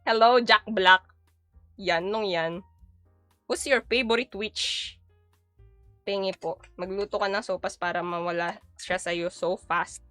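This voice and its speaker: While cooking on her live stream, a young woman from the Philippines chats with viewers, reads their comments out and replies, mixing Tagalog and English in a Filipino accent. Her mid-range voice is unhurried, bright, forceful, and clean, recorded dry and close with soft music in the background.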